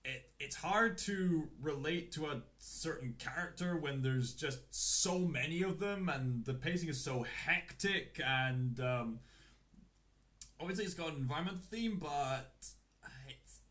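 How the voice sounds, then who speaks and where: Unhurried, lively Scottish man chatting. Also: on the high side. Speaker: streamer ranking animated films. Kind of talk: casual livestream chat.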